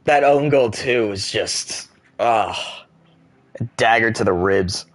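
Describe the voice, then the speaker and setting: A young American man streaming a game, joking, reacting out loud and chatting casually with his viewers. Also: lowish voice, slow pace. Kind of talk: casual chat while gaming.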